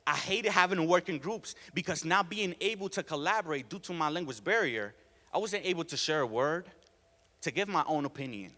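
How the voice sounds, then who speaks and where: Teen guy w doing a school speech, kinda high voice, big echoey hall. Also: animated, fairly quick, bright, forceful tone. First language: Spanish. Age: teens. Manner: earnest, emphatic, laughs between points. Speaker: student speaker. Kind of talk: prepared student talk. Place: school auditorium. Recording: long reverb of a hall.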